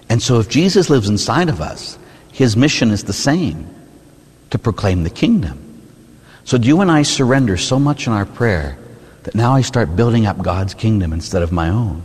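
A man's voice: fairly low pitch, a little mellow, slightly rough, long reverb tail. A man, a Catholic priest, giving a conversational sermon. He keeps asking his listeners short rhetorical questions and acts out prayers and complaints in changed voices. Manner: asks the listeners short rhetorical questions, often ending with "huh?".

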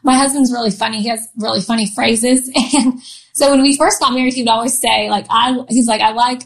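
A woman with a slightly high voice shares a personal story in an easygoing, conversational way. She laughs often and circles back on her words with little fillers and restarts. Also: steady tone, brisk, vocal fry. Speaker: guest.

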